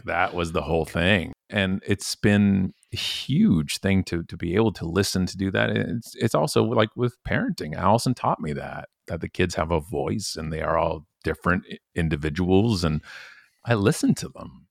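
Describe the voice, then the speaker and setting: A man's voice: sits low, normal speed, gravelly, no echo, clean studio sound. A man in his forties, a professional speaker, talking emphatically and animatedly as a podcast guest. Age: 40s. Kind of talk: conversational podcast interview.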